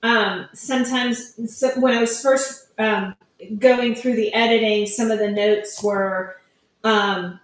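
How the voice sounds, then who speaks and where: In a slow, steady, somewhat high voice, a middle-aged woman author shares chatty stories about her writing during a relaxed interview, voicing the words of her relatives along the way. Heavy echo and poor audio quality mark the recording.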